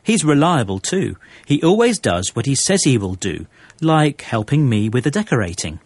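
A man hosts a scripted lesson with a lively, expressive delivery, explaining each phrase clearly with frequent chuckles. His voice is recorded close and dry in a studio. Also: medium pitch, normal speed, no echo. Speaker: presenter.

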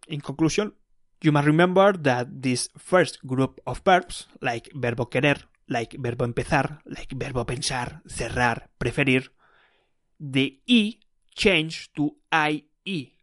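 A man teaching a podcast lesson, explaining slowly and step by step. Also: mid-range voice, no room sound, clean studio sound. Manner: slow and deliberate, explaining step by step. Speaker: Spanish teacher, podcast host. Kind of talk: casual spoken lesson.

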